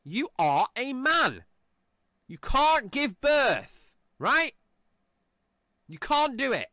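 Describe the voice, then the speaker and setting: A man rants through a podcast monologue in a bright, tense voice that swings widely up and down. His talk is profane, rambling and mocking, and the sound is close and dry. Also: very high-pitched, very animated, extremely slow, no room sound. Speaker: podcast host.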